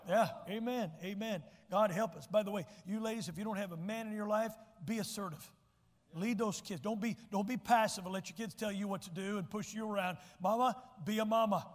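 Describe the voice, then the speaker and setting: A man's voice: sits high, steady tone, brisk. A man preaching a sermon as pastor, folksy and emphatic, often repeating words as he restarts. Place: church sanctuary. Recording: church hall reverb.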